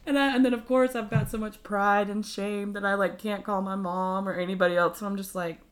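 A young woman casually telling a heartfelt personal story, animated and full of fillers. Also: medium pitch, fairly quick. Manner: animated, emotional retelling with many fillers. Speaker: guest telling her faith story.

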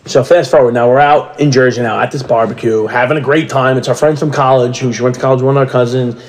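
A man's voice: medium pitch, quick pace, slight background noise. A man in his thirties co-hosting a casual podcast chat, telling stories and acting out quotes with rising energy. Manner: animated storyteller, acts out quotes loudly. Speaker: podcast co-host.

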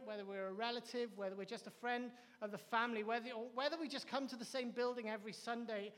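A man's voice: high-pitched, in a large hall. A man preaching a sermon as pastor, emphatic, with repeated phrases and acted-out quotes. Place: church.

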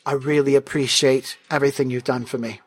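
A man's voice: mid-range voice, fairly even intonation, a little fast, husky, soft background music, pitched below the performer's own voice, close to an everyday voice. A man voicing a blunt male mob boss who talks straight and uses mocking pet names.

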